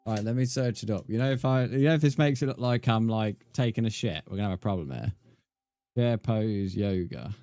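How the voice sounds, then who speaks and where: A man's voice: fairly low pitch, fairly quick, mellow, no echo, soft background music. A man, chatting casually with viewers while he plays a game on a livestream and calling them mate. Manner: laid-back, chatty, calls viewers mate. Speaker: game streamer.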